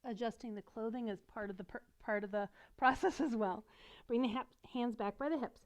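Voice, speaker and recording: A middle-aged woman teaching a beginner yoga class, guiding gently and encouragingly while she demonstrates the poses, a little out of breath. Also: a little high, brisk. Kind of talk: guided yoga instruction.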